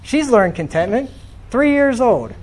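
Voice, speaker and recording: High-voiced pastor preaching conversationally. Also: male voice, very animated, measured pace, slight background noise. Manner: conversational preaching, reads scripture aloud, asks the congregation questions. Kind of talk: sermon. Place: church.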